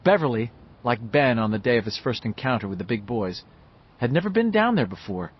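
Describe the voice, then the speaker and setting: A man narrating an audiobook with expressive storytelling. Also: mid-range voice, brisk, a little hiss or hum. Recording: slightly muffled, dull audio.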